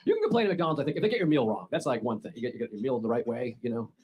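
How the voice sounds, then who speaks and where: A man's voice: mid-range voice, sing-song, racing, breathy edge, dull audio. A man from the United States doing a stand-up comedy set on stage with a handheld mic, telling exasperated, sarcastic stories. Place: comedy club stage before a laughing audience. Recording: live audience noise throughout.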